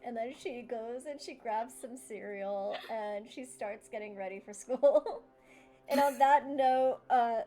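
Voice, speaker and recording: A woman narrating a tabletop game as game master, giggly and animated. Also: fairly high pitch, slow pace.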